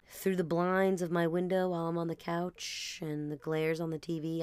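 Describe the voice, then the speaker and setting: Jersey woman podcast host rambling through funny stories, low smooth voice, dry close mic. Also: moderate pace, hardly any pauses, dry recording. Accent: New Jersey. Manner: rambling, animated, self-mocking. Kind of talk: comedic storytelling monologue.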